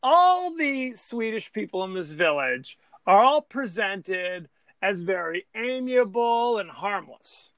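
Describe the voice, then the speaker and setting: A man co-hosting a podcast, recapping a movie plot with enthusiasm and quick agreements in casual chat. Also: high-pitched, big pitch swings, fairly bright tone. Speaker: podcast co-host.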